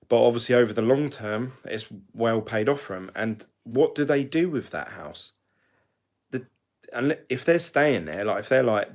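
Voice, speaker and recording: A middle-aged British crypto vlogger delivers a casual monologue to camera in a medium-pitched voice at normal speed. His talk is chatty and rambling, and he often corrects himself.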